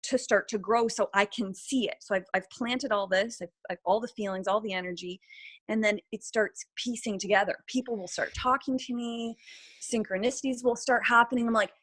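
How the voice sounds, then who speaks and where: A woman talking as a podcast guest, animated and reflective, often restarting and trailing off mid-sentence. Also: fairly high pitch, fairly quick, breathy edge. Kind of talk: casual podcast conversation.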